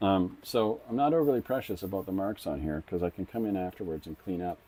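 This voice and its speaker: Middle-aged male comic artist, deep relaxed voice, casual rambling live-stream chatter. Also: fast talker. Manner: rambling, thinks aloud with frequent restarts. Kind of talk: casual live-stream chat while drawing.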